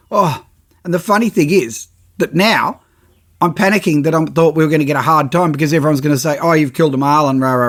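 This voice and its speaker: A middle-aged man spins a fishing yarn with lively, animated energy. His voice sits a little higher than most men's, and he jumps up into his quoted reactions. He speaks as a podcast host telling a story.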